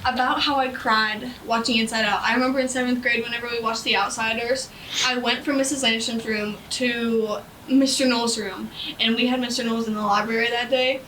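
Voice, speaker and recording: A woman's voice: on the high side, steady tone, fairly quick, bright, forceful tone, recorded from a distance, slight background noise, poor audio. A teenage girl co-hosting a student podcast, telling stories in casual chat and acting out the lines she quotes with lots of giggles. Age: teens.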